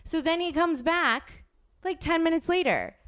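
A woman's voice: very high voice, lively intonation, a little slow, fairly bright tone. A woman hosting a podcast, telling a story in casual chat, acting out quotes and swearing freely. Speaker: podcast host.

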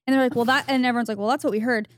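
A young woman co-hosting a podcast, telling a story in animated casual chat and acting out what people said. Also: a little high, very fast, no room sound. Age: young adult. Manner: animated gossipy storytelling with quoted voices. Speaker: podcast co-host.

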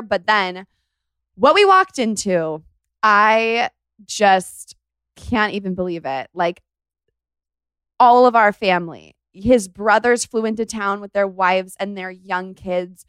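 A woman's voice: medium pitch, lively intonation, slow pace, a bit bright, clear, resonant tone, no room sound, studio quality. A woman hosting a podcast, chatting casually and gushing as she tells a story. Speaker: podcast host. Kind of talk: casual chat.

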